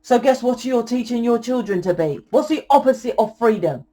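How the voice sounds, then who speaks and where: A young woman giving a channeled tarot reading in a forceful, blunt lecturing way, swearing often. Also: on the high side, animated, normal speed. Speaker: tarot reader.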